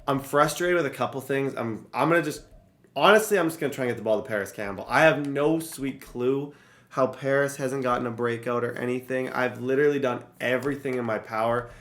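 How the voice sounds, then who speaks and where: A man's voice: mid-range voice, a little fast, fairly bright tone. Frustrated young man talking over gameplay. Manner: frustrated, rambling, talks straight to viewers. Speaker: gaming YouTuber. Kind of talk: casual gameplay commentary.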